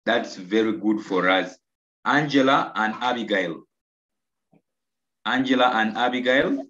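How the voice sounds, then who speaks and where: A Ugandan man teaching an online English lesson, slow and coaxing, repeating answers and praising his pupils. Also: fairly low pitch, bright, forceful tone. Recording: roomy, dull lo-fi video call audio.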